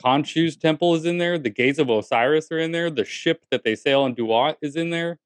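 A man's voice: a little high, moderate pace, smooth, dry recording. A man co-hosting a casual podcast chat, talking animatedly with lots of fillers and restarts. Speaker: podcast co-host.

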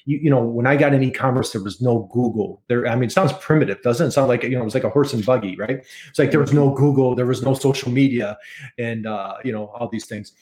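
A man's voice: mid-range voice, fast, darkish tone. A middle-aged man with an American accent, a podcast guest chatting eagerly and repeating key figures for emphasis. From United States. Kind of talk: casual interview chat.

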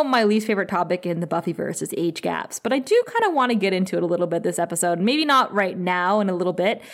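A woman co-hosting a casual podcast, animatedly retelling scenes and acting out dialogue, quick to laugh. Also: mid-range voice. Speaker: podcast co-host. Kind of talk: casual recap chat.

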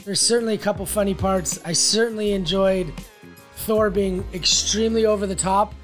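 High-voiced rambling man. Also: fairly even intonation, normal speed, fairly bright tone, faint music behind. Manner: rambling, full of likes and ums. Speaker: co-host reviewing a film. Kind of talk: casual chat.

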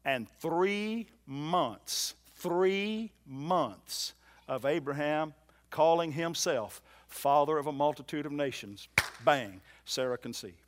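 A man preaching a sermon in a church, swinging from loud emphatic lines to soft low ones and repeating phrases for emphasis. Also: animated, takes it slowly, slight background noise. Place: church hall.

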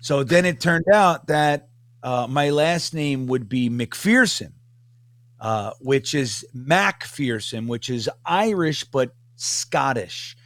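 A man's voice: medium pitch, slow, no echo. Joking, profane Northeastern man. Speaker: podcast panelist. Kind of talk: casual chat.

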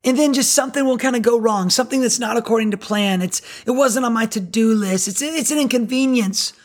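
A middle-aged woman pastor giving a sermon in a chatty, animated, self-deprecating way. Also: on the high side, brisk.

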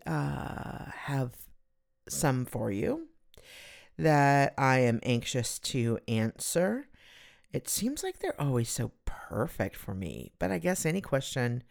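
A woman with a very deep, slightly mellow voice and noticeable vocal fry hosts her own podcast. She chats casually on her own, rambling, giggling, and poking fun at herself.

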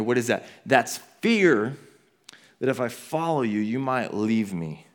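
A pastor preaching a sermon, telling the story animatedly and talking casually to the congregation. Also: male voice, measured pace. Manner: animated storytelling, acting out quotes with big swings in pitch and volume; conversational asides to the congregation.

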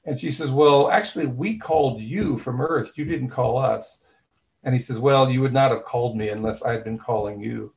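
A man's voice: mid-range voice, moderate pace, vocal fry, low-quality recording. A man being interviewed as an author, speaking thoughtfully with frequent fillers and restarts, and retelling scenes in quoted dialogue. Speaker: author and guest.

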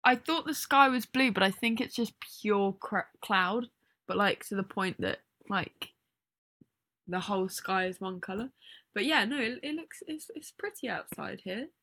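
A woman's voice: mid-range voice, animated, normal speed, pushed and bright. A woman co-hosting a podcast in casual chat, giggly and chatty, often trailing off mid-thought. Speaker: podcast co-host.

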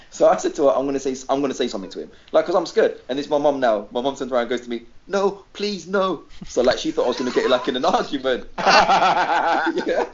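A man's voice: medium pitch, animated, quick pace, highs cut off, a little hiss or hum. A man from Greece, a regular on a podcast, telling a story in casual chat, swearing freely and acting out the people he quotes.

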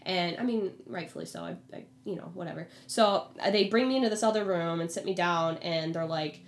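A young adult woman casually telling a personal story, animated and acting out the voices of others. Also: lowish voice, brisk. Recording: echoey room with faint hum.

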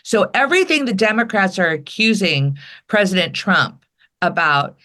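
Bright punchy woman comic chatting politics, does little voices for people. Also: mid-range voice, moderate pace. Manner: animated storytelling, acts out quoted people. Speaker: comedian guest. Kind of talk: casual political chat.

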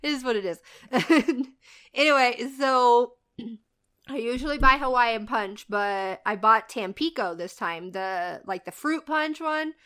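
A woman's voice: on the high side, slow, sharp tone, smooth. A woman in her thirties telling stories in casual chat, swearing freely and laughing often.

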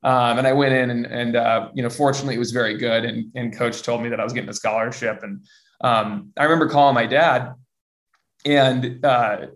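A young man at an ordinary middle pitch tells his story at an easy, conversational pace. He rambles, stacking "um" and "like" and restarting his sentences as he goes. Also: fairly even intonation, brisk. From US West Coast. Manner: rambling, many fillers and restarts. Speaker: former college football player, guest. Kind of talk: casual interview storytelling.

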